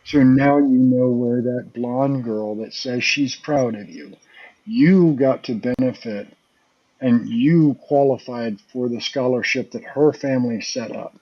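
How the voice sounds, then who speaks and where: A man's voice: mid-range voice, measured pace, dull audio. A man guest on a paranormal talk show, casually telling rambling anecdotes and acting out what others said. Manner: rambling anecdotes, acts out quoted voices. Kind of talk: casual storytelling.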